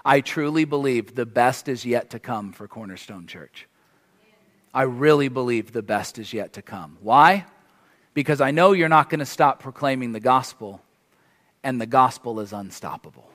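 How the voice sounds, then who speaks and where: In a large church hall, a guest preacher with a foreign accent from across the ocean delivers an impassioned sermon. His medium-pitched, fairly bright voice moves at normal speed, building to emphatic peaks before he closes in prayer.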